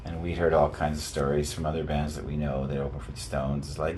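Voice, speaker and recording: A male musician telling stories as an interview guest, animated and rambling with many restarts. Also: very deep voice, quick pace, hardly any pauses, slight background noise. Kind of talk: casual interview storytelling.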